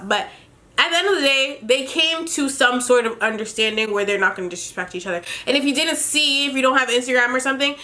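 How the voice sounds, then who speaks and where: A woman's voice: high-pitched, animated, fast talker, sharp tone. A young woman from Jamaica casually recapping a reality show, chatty and opinionated, laughing as she retells scenes.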